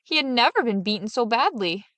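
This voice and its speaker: A woman reading a fairy tale aloud as a storyteller, in a steady, even narration. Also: on the high side, brisk, no echo.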